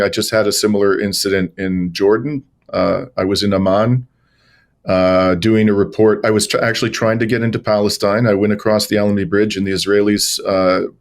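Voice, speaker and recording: Male interview guest, low voice, chatty anecdotes with frequent uhs and restarts. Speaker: guest journalist and lawyer. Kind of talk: conversational interview storytelling.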